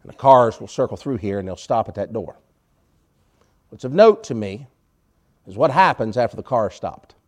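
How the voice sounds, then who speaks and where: A man's voice: mid-range voice, lively intonation, normal speed, long pauses, darkish tone. Man preaching a conversational sermon. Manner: conversational, rhetorical questions, wry sarcasm, volume swings. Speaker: pastor.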